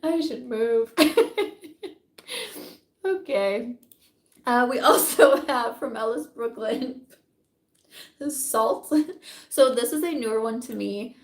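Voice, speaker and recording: A woman's voice: on the high side, takes it slowly, long pauses, reverberant. A woman vlogger reviewing beauty products in casual, chatty talk, giggling often and saying "like" a lot.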